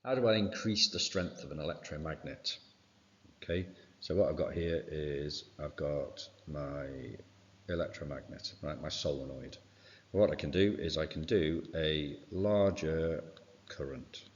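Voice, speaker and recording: Very deep-voiced male teacher, revision lesson. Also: unhurried. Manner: informal, fills with "right" and "okay". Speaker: science teacher. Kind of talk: exam revision walkthrough. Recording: dull sound with long reverb.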